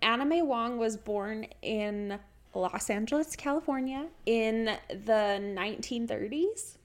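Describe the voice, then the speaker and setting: A young woman hosting a podcast in a relaxed, chatty way, often breaking into laughter. Her voice sits a touch high for a woman. She moves between easy banter and reading through her prepared notes. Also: takes it slowly. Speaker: podcast co-host. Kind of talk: casual podcast chat.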